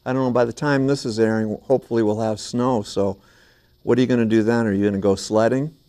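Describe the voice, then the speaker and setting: A man hosting a children's TV show in a small studio, singing and chatting playfully and gently with young viewers and a puppet duck. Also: fairly low pitch, fairly even intonation, quick pace. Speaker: children's TV host.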